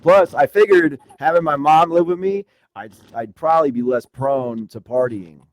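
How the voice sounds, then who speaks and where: A man guesting on a podcast, telling a story in casual, profane slang and getting animated when he retells exchanges. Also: a little high, moderate pace. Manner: profane, slangy, says dude and bro a lot.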